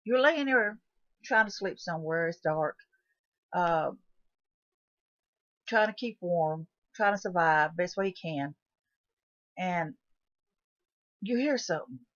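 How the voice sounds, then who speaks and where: Speaking slowly and pausing often, a channel host with a lowish, fairly bright voice animatedly explores a what-if survival scenario. She's folksy and repetitive and keeps asking the viewer questions. The recording is dull, lo-fi, and dry with no echo.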